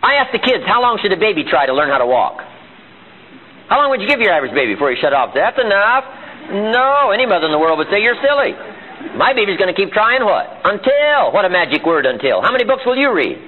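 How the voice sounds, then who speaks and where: A motivational speaker pitched a bit high, his voice leaping up and down as he drives home each point. He fires off rhetorical questions at a seminar crowd. The sound is thin and phone-like, like an old archival tape. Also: very animated, fast talker, husky. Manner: emphatic, full of rhetorical questions. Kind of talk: live seminar talk. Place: seminar room.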